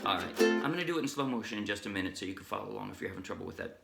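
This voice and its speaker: A man teaching a ukulele song in a relaxed, chatty way, breaking off now and then to sing a line. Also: lowish voice, racing, gravelly, loud music behind the voice. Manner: chatty, self-interrupting, sings snatches while strumming. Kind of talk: casual music tutorial. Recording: ukulele strumming under the voice. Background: ukulele playing.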